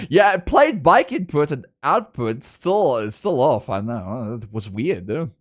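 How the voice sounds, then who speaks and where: Giggly South African man, lively voice. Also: high voice, takes it slowly. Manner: chatty and giggly, laughs often, playful. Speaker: streamer. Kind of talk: casual chat with a live stream audience.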